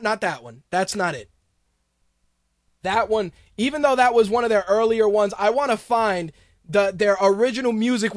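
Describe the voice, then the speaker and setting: A man's voice: high voice, dry recording, clean studio sound. A man hosting a podcast, ranting in a profane, sarcastic way in a casual commentary style. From Hispanic background. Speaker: podcast host.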